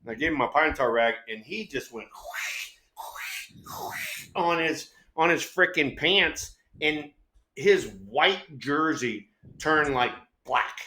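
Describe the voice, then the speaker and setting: Man, middle-aged, co-host, profane baseball stories, slightly high voice, roomy echo. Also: takes it slowly, a little hiss or hum. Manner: animated, swears freely, acts out quotes. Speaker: co-host, former ballplayer.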